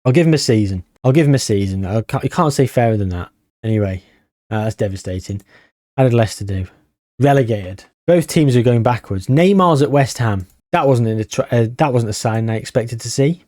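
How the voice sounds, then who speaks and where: A man commentating casually on his own video game session, chatty and wry, tired and thinking out loud. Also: medium pitch, a little fast, no echo, studio quality. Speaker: gaming YouTuber.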